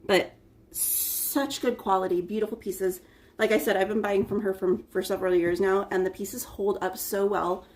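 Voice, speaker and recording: A woman's voice: mid-range voice, steady tone, moderate pace, a little mellow, far from the mic. Chatty woman hosting a live stream. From United States. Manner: chatty, greets viewers by name, fillers. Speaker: livestream host. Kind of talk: casual livestream chat. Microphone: phone front camera.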